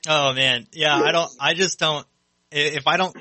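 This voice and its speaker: Guy on a music podcast, super bright sharp voice, rambly, says like a lot. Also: on the high side, steady tone, normal speed. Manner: rambling, lots of fillers like "you know" and "like". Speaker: podcast co-host. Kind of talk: casual chat.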